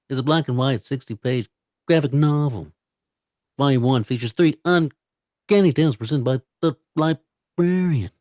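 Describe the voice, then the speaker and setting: A man's voice: a little high, darkish tone, dry recording, studio quality. A man reading a product blurb aloud, a little unevenly.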